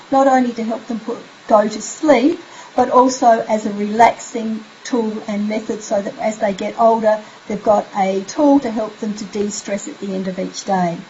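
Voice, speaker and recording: Gentle higher-voiced woman. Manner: drops to a soft, slow, sleepy voice when modeling bedtime phrases. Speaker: parenting coach. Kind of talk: instructional parenting tips. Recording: slightly dull recording with faint hiss.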